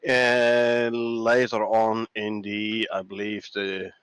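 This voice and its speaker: A man with a Dutch accent co-hosting a casual gaming livestream, reading patch notes aloud in a relaxed way with hesitant fillers. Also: on the low side, slow pace, clear, resonant tone, no room sound. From Netherlands. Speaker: livestream co-host.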